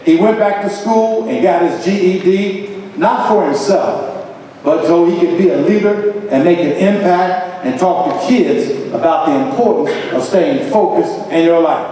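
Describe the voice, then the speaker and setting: A man gives a motivational lecture with a dramatic preaching cadence, his voice pitched high. He is recorded from far off in a large hall, so long reverb trails each phrase. A faint hum sits underneath. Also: a little slow, mellow. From Columbus, Ohio. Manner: emphatic, dramatic preaching cadence with chanted refrains. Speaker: motivational speaker.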